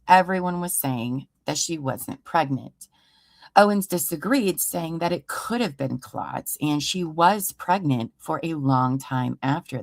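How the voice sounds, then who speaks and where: Low-voiced woman hosting a true crime stream. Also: no echo. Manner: sarcastic, exasperated asides. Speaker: true crime livestream host. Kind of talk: reading a report aloud with sarcastic commentary. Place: home room.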